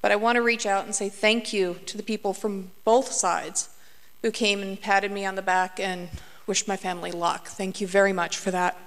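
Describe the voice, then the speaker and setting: Woman, teacher, measured public comment, smooth clear voice, hall reverb. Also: medium pitch, steady tone, fairly bright tone. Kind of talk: prepared public comment at a school board meeting. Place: large meeting hall.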